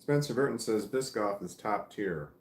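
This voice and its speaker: A man with a Midwestern American accent hosts a live chat from home, reading viewers' comments aloud and musing on them. His voice is low and sounds tired, and his talk rambles and breaks into chuckles. The room around him is echoey. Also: animated, moderate pace. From Missouri, United States. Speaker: livestream host reading chat.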